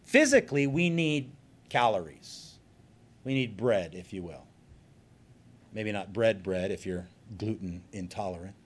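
Man preaching with quiet asides and loud bursts. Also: fairly low pitch, animated, a little slow, long pauses. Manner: conversational preaching with joking asides; swings from quiet, soft remarks to loud emphatic bursts. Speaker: pastor. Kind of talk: sermon.

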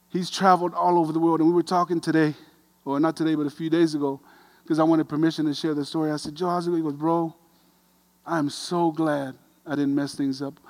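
Animated man preaching a sermon. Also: fairly high pitch. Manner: animated storyteller, self-deprecating, grows quiet and earnest. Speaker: pastor. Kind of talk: sermon storytelling.

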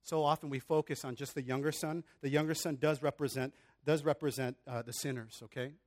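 A man's voice: on the high side, fairly even intonation, brisk. A man preaching a sermon in an earnest, conversational way, often restarting his phrases and adding casual asides. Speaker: pastor.

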